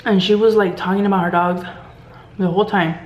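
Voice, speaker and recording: A woman's voice: mid-range voice, fairly even intonation, brisk. A woman vlogger telling a story while eating, chatty and full of filler words. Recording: roomy room, faint background hum.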